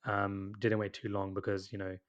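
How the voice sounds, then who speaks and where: A man's voice: lowish voice, completely flat delivery, normal speed, dull audio. A young man co-hosting a football podcast, speaking hesitantly with many you-knows and restarts. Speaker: podcast co-host. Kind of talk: casual football chat.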